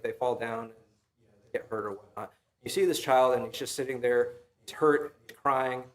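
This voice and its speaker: Young male preacher, mid-pitched, casual sermon delivery with lots of fillers. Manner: casual, storytelling, frequent fillers and "right?". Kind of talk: conversational sermon. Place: church sanctuary.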